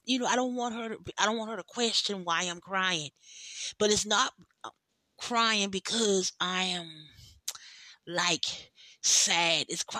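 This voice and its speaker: Woman doing a podcast monologue, slow and heartfelt, bright voice, dry close mic. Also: mid-range voice, no room sound. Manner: emotional, heartfelt, speaks straight to listeners; slow and drawn out, with long pauses. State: tearful, overwhelmed. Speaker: podcast host. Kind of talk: personal monologue.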